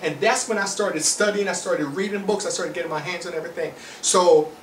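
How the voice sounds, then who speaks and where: A Jamaican man delivers a forceful motivational lecture in a fairly high voice. He hammers his points with rhetorical flourishes. The sound is roomy and set back from the mic, with faint noise underneath. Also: brisk, far from the mic. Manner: emphatic, preachy, rhetorical. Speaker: motivational speaker.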